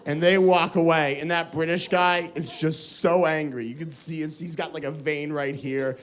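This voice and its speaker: An American man telling a story in a stand-up set on a comedy stage, acting out voices with lively energy. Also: a little high, moderate pace. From United States. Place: comedy stage before a live audience.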